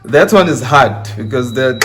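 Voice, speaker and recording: A young man with a Nigerian accent chats easily as an interview guest, his voice sitting at a middle pitch. He sounds laid-back and mixes slang into what he says. A faint hiss runs underneath the recording. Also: expressive, moderate pace. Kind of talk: casual interview chat.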